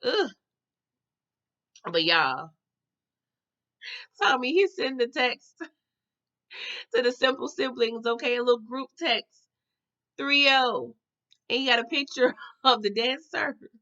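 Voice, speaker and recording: A woman recapping a TV episode in an animated, slangy way, talking straight to her viewers. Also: sits high, slow, pauses often, dull audio. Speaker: TV recap host.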